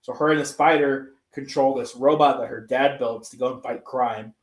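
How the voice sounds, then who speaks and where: A man's voice: medium pitch, fairly even intonation, normal speed. Profane, rambling man in an echoey room. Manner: profane, rambling storyteller, acts out quotes. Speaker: podcast co-host. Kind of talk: casual chat. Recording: roomy echo.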